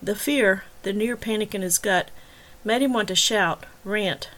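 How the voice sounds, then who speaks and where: A woman narrates her own serialized novel, chapter by chapter, at a measured and even pace. Her voice sits at a middle pitch for a woman and stays steady through the narration. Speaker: author and audiobook narrator.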